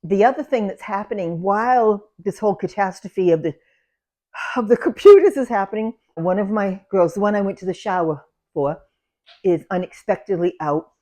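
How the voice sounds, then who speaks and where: An older woman, casually telling animated stories about her salon and laughing as she goes. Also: medium pitch, moderate pace. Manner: animated, laughs through anecdotes, loud when acting out yelling. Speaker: salon owner. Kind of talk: casual storytelling.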